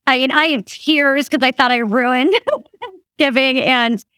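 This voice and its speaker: A woman's voice: high-pitched, unhurried, clear, resonant tone, no echo, studio quality. A woman in her fifties telling a story in a casual chat, laughing often and acting out what others said. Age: 50s. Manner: laughs often while talking, animated quoting of others. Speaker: guest.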